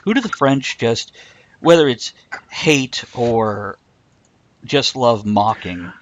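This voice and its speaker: An American man hosting a casual interview, asking questions in a relaxed, encouraging way. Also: mid-range voice, slow pace, lo-fi sound. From United States. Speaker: host.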